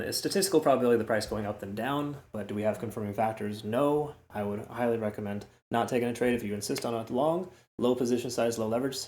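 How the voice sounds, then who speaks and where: Male trading host, low voice, casual rambling delivery, roomy echo. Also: a little mellow. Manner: chatty, repeats words, frequent "okay?" and "right?" asides. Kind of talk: casual chart analysis talk.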